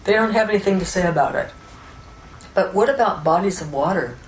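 A woman with a fairly low voice teaches in a calm, explanatory way, often checking in with her listeners. The sound is roomy, with a noticeable echo and a faint hiss in the background. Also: brisk. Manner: calm, explanatory, with frequent "right?" and "you know". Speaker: spiritual teacher. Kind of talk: unscripted spiritual teaching talk.

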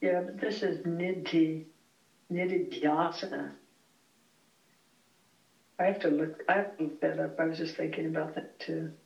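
A teacher explaining a Vedanta lesson in a relaxed, thoughtful way, pausing often to search for words in a small heated room at home. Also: mid-range voice, creaky. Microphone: far from the speaker. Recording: roomy, distant, dull home recording.

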